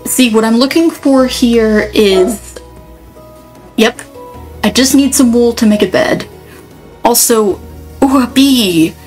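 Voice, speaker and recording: A woman's voice: a little high, takes it slowly, pauses often, a little mellow, soft background music, low-quality recording. A woman giving casual gameplay commentary, rambling and thinking aloud, often cutting herself off mid-sentence. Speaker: let's player.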